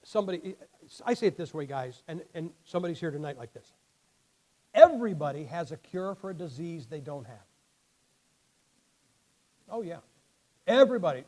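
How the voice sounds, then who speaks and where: A man's voice: a little high, sing-song, moderate pace, pauses often, a little mellow, poor audio. A man in his sixties preaching a sermon in a blunt, folksy, emphatic way, his damaged vocal cords leaving him short of air at the ends of sentences.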